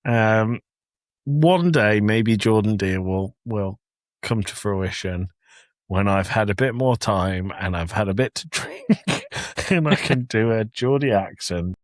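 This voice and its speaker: A man's voice: fairly low pitch, animated, takes it slowly, no room sound. A young English man co-hosting a podcast, telling a story in a joking way and laughing often. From England. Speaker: podcast co-host. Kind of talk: casual chat. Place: home office.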